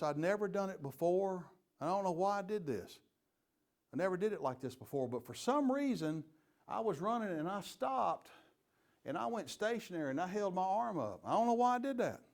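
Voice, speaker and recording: Folksy police chief telling stories. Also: male voice, sits high. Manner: lively storyteller, folksy and joking. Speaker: police chief and leadership trainer. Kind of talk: leadership training talk with stories.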